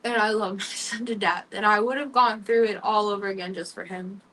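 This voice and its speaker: A young woman hosting a talk show, telling her own story candidly and emotionally, halting often with fillers. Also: medium pitch, fairly even intonation, a bit bright, far from the mic, a little hiss or hum, low-quality recording. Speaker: podcast host. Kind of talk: personal storytelling.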